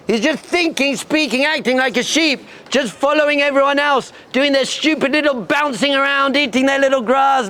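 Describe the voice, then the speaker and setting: A rabbi gives yeshiva students an energetic pep talk in a very high voice at normal speed, with hardly any pauses. He tells a story, acting out bleating sheep and a roaring lion, and repeats emphatic, punchy lines.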